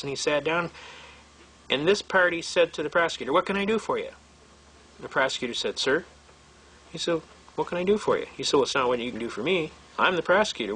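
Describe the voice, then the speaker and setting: Folksy, blunt man teaching a seminar. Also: a little high. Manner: folksy, blunt and animated, acting out quoted voices. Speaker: seminar instructor. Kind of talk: lecture told through courtroom anecdotes.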